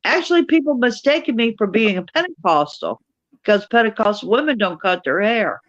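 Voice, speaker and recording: A woman's voice: on the high side, animated, a little fast, no room sound, dull audio. A woman chatting casually as a guest on a live stream, rambling and repeating her words. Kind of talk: casual chat.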